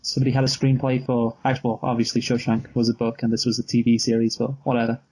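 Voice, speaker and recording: Man, movie podcast co-host, relaxed and halting delivery, mid pitch. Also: breathy edge, poor audio. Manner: laid-back, hesitant with many fillers. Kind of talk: casual film review chat.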